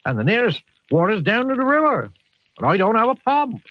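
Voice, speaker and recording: A man's voice: sing-song, brisk, no echo. A man voicing a worried, stammering farmer with a West Country accent, raised far above his own voice. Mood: panicked. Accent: West Country English. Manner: stammering, high-strung. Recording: dull lo-fi sound.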